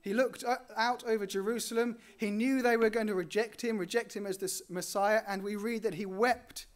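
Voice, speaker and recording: A male preacher with a fairly high voice delivers a sermon in an earnest way. He swells on important words and then sinks to quiet, low endings. His pitch sits above most men's. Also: fairly even intonation, a little fast, few pauses. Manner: earnest, rising on key phrases and dropping softly at line ends.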